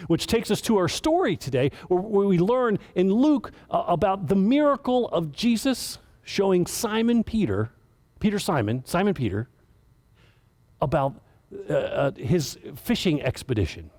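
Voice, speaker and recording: A man's voice: high-pitched, very animated, normal speed, darkish tone. A man giving a casual, earnest sermon as director of children's ministry, stumbling and restarting as he tells the story.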